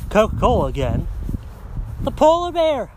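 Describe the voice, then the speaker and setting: Man, podcast host, profane heated rant, high voice, phone mic outdoors, faint traffic. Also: huge pitch swings, moderate pace. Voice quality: coarse, heated, swears constantly. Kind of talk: profane ranting monologue.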